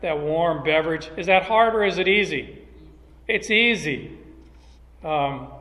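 A man's voice: a little high, a bit bright. A man preaching a sermon, emphatic and asking rhetorical questions of the congregation. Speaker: pastor. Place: church sanctuary. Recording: echoey hall sound.

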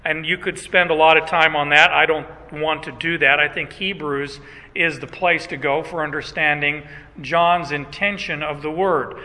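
A man preaching a Bible teaching sermon, emphatic, posing rhetorical questions and slowing down on key phrases. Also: on the high side, fairly even intonation, sharp tone. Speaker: pastor. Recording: long hall reverb.

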